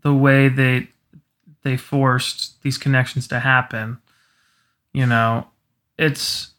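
A man co-hosting a film podcast, thinking aloud in a measured way. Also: medium pitch, flat delivery, a bit bright. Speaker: podcast co-host. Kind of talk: casual film discussion.

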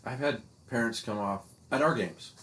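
A man's voice: mid-range voice, normal speed, fairly bright tone. A man who coaches, co-hosting a casual podcast chat, who asks his partner questions and laughs easily.

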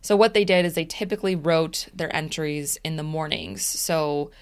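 A woman co-hosting a podcast, narrating a story in a relaxed, casual way and laughing easily. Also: deep voice, moderate pace, clean tone. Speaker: podcast co-host telling the story.

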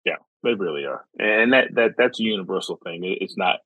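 An American man hosting a travel podcast, chatting in a relaxed, agreeable way and telling stories. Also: low voice, brisk, husky, dry recording, low-quality recording. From United States. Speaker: podcast host. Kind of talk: casual travel podcast chat.

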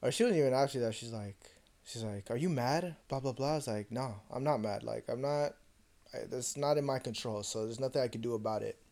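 A young man co-hosting a podcast, telling a personal story in a casual, profane and animated way and acting out the other voices. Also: medium pitch, a little fast. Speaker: podcast co-host.

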